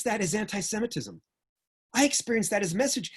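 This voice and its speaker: An older man from New York with a New York accent, giving a joking, animated talk with sudden jumps in loudness. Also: high voice, quick pace, husky. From United States. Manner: animated storyteller, jokey, swings between loud and soft. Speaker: speaker. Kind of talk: lecture talk.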